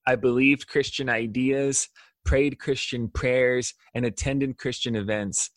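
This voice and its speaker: A man's voice: mid-range voice, steady tone, unhurried, dry recording. A middle-aged man hosting a podcast interview, reflective and affirming as he asks questions. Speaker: podcast host. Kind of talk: casual interview.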